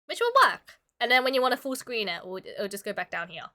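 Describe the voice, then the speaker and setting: A sick woman streamer, also an illustrator, chats with her audience as she draws, coughing now and then. She talks fast in a sharp, medium-pitched voice, giggly and packed with filler words.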